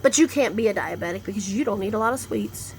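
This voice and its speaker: A woman's voice: medium pitch, fast talker, slight background noise. A woman vlogging a casual, rambling monologue, blunt and profane, jumping from topic to topic. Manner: blunt, profane, animated, jumps between topics. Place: indoors, storm coming in outside.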